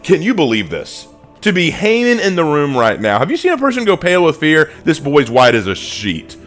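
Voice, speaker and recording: Brief: expressive male Bible teacher, dramatic storyteller, lively voice. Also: a little high, moderate pace, faint music behind. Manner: dramatic, retells scenes with voices and laughter. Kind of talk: animated Bible study teaching.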